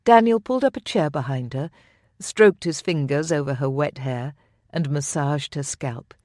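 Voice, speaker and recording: Brief: audiobook narrator, measured and intimate, mid pitch, very dry studio sound. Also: a little mellow, dry recording. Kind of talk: scripted narration.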